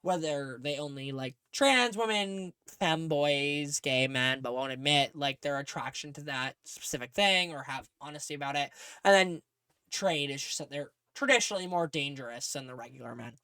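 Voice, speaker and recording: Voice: medium pitch, moderate pace, bright, forceful tone, smooth, dry recording. A podcast co-host in casual chat, telling rambling, digressive stories full of fillers.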